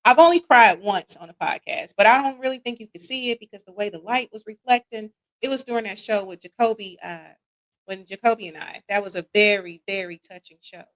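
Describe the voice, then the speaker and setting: A woman's voice: medium pitch, a little fast, poor audio. A woman hosting a live podcast in casual chat, reading listener comments aloud and quizzing them. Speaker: podcast host.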